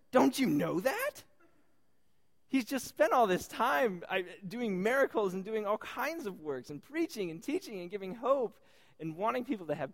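A man delivers a lively sermon, retelling a scripture story in a casual, joking way. His voice sits high and swings widely in pitch, jumping up with incredulous questions. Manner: animated, incredulous asides with laughs.

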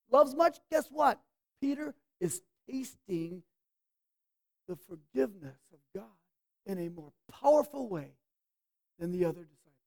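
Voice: medium pitch, mellow. Emphatic preacher with rhetorical questions. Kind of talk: sermon.

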